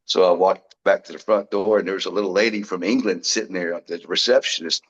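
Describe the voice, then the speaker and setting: A man, a guest in an interview, telling his story in a lively way and acting out what people said. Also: low voice, brisk, dull audio. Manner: lively storyteller who acts out quoted dialogue. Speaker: guest, product founder.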